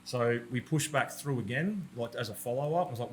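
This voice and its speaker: A man's voice: mid-range voice, brisk, slight background noise. An Australian man, a podcast guest and army veteran, telling war stories in a blunt, profane, conversational way and laughing at his own tales. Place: room with a roller door.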